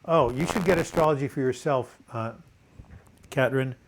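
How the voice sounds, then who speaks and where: An older man with a dry cough hosts a relaxed live video chat, reading viewers' comments aloud as they arrive. He breaks off into corny jokes between them, speaking at normal speed in a mid-pitched, creaky voice.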